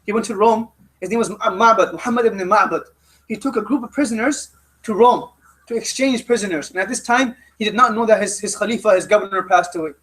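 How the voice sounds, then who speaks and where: High-voiced man preaching emphatically. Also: a little fast, fairly bright tone, poor audio. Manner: emphatic and repetitive, with frequent restarts. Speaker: religious teacher. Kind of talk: youth halaqa sermon.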